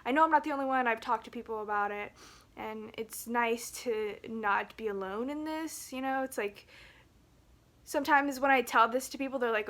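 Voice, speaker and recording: A woman vlogging to a phone camera, rambling and halting with nervous laughs, emotional and near tears. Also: a little high, fairly bright tone. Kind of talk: casual talk to camera.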